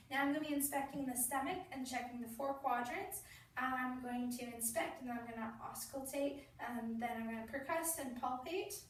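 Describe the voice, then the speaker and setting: A young woman, a student nurse with a high voice, briskly demonstrates a clinical assessment by walking through a child's exam step by step, switching to a playful sing-song voice for the patient. She is recorded from a distance across a very echoey practice room, with faint background hum.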